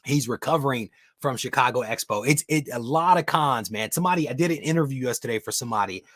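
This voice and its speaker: A chatty man hosts a live comic book show at his desk, reading out viewer comments and greeting people as brother. His voice sits at an ordinary pitch and sounds dry and close, with no room around it. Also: fast, fairly bright tone, no room sound. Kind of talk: casual livestream chat.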